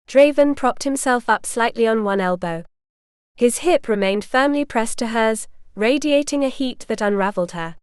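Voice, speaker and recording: A woman narrating a historical romance audiobook in measured, scripted storytelling. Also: on the high side, a little mellow, clear, resonant tone, no room sound, studio quality.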